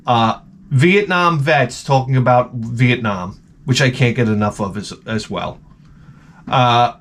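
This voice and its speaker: A man's voice: mid-range voice, slight background noise. A man sick with the flu, rambling through a casual, profane vlog as host. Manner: profane, rambling, animated storytelling. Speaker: YouTube host.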